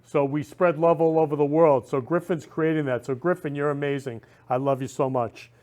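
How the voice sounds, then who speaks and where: Male host, effusive and rambling, a touch high-pitched, casual heartfelt chat. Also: steady tone, normal speed, a little mellow. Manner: effusive, repeats "love" and "I love you" constantly; rambling with frequent restarts. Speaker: talk show host.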